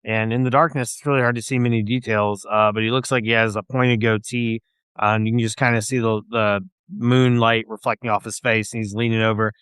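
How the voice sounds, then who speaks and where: A man's voice: on the low side, level tone, brisk, fairly bright tone, clear, resonant tone, no room sound, clean studio sound. A man narrating as game master of a tabletop game, rambling with many fillers.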